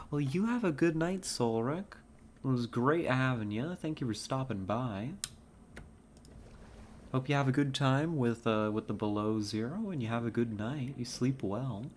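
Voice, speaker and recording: A woman's voice: a bass voice, expressive, unhurried, long pauses, darkish tone, slight background noise. A woman from California streaming a game, chatting with viewers in a laid-back, giggly way on a headset mic. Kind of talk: casual live-stream chat.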